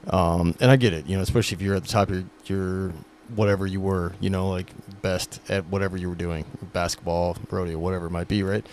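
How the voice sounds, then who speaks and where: A man's voice: low voice, level tone, quick pace, few pauses, a little mellow, a little hiss or hum. A male podcast host speaking reflectively in casual conversation, rambling a little and often saying "man".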